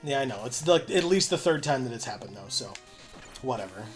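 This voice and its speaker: A man's voice: medium pitch, lively intonation, a little fast, music in the background. A man co-hosting a casual gameplay livestream, joking and swearing at the game as he plays. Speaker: co-host playing the game.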